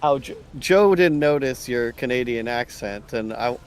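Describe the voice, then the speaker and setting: A man chatting in an easygoing way and calling out quick instructions while playing an online game over a headset mic. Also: medium pitch, lively intonation, clear, resonant tone. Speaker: group player. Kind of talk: casual chat while gaming.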